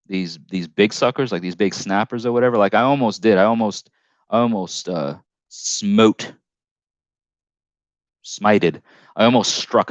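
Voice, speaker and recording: Northern US man, lowish voice, rambling live-stream storyteller, dull dry headset sound. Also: no room sound. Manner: rambling storytelling with many restarts and self-corrections. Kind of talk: casual live stream chat.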